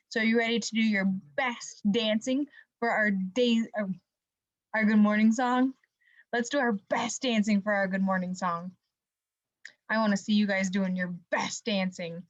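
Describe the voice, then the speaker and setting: A woman's voice: medium pitch, steady tone, moderate pace, no room sound, dull audio. A woman teaching a preschool class online, speaking in a simple, upbeat and coaxing way to small children.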